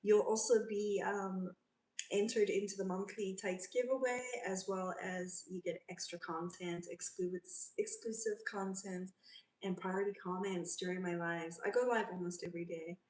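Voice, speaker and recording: A woman's voice: medium pitch, fairly even intonation, moderate pace, a little mellow. Chatty woman livestreaming from a roomy space. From South Africa. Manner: chatty, reads out and answers viewer comments. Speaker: livestream host. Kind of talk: casual livestream chat. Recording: roomy, from a distance.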